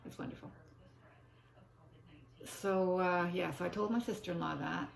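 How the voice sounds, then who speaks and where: The sound carries the echo of the room as an older woman vlogger talks in a rambling, casual way, drifting into forgetful asides directed at herself. Her fairly low voice shows vocal fry, with a steady tone at normal speed.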